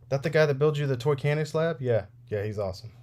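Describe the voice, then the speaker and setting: A man's voice: medium pitch, a little mellow. A man in his thirties casually chatting as he repairs action figures on a livestream, rambling and laughing often. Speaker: toy repair livestream host. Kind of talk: casual livestream chat while working.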